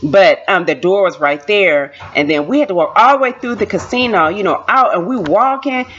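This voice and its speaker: A woman vlogger telling a story in a chatty, animated way, repeating lines for emphasis, on a dull lo-fi recording. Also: medium pitch, normal speed. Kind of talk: casual storytime.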